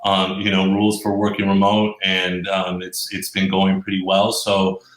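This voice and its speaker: A man being interviewed as a guest from his office, relaxed and easygoing, with lots of fillers. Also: low voice, normal speed. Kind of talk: casual interview chat. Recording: echoey office room.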